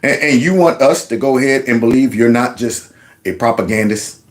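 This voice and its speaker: A man's voice: mid-range voice, normal speed, very noisy. A man giving sarcastic reaction commentary on news clips, mocking them with one rhetorical question after another. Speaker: commentary vlogger.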